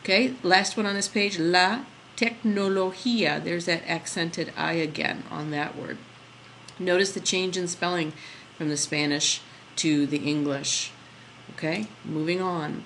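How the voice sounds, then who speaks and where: A woman's voice: on the low side, fairly even intonation, unhurried, a bit bright, a little hiss or hum, low-quality recording. Patient woman teaching a slide lesson. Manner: patient, explains step by step, asks the class questions. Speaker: Spanish teacher. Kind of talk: classroom lesson over slides.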